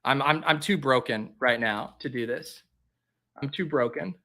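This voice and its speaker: A man's voice: mid-range voice, moderate pace, fairly bright tone. A man hosting a fantasy football show, talking casually and mocking himself as he drafts live and talks to his viewers.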